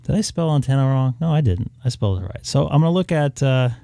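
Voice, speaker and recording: A man's voice: mid-range voice, expressive, quick pace, vocal fry, mellow, no echo. A man from southern California streaming live about ham radio, rambling and thinking aloud with lots of fillers as he browses. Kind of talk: casual live-stream chat. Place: home room upstairs.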